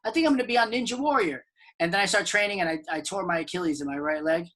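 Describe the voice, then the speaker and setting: A man who is a comedian guest, chatting casually in an upbeat, joking way and telling animated stories. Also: sits high, fast talker. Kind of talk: casual interview chat.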